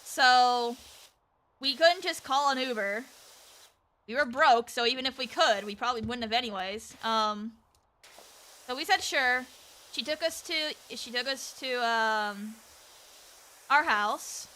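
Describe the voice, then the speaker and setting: A woman with a high, bright voice chats casually on a stream while she plays. She tells a rambling story full of fillers and restarts. She voices the people she quotes along the way. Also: unhurried, pauses often, a little hiss or hum. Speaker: VTuber streamer.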